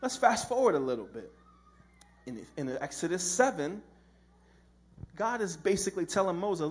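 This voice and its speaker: A man's voice: sits high, sing-song, normal speed, long pauses, breathy edge. A man giving a casual, humorous sermon as a preacher, telling a story with slang and acted-out voices.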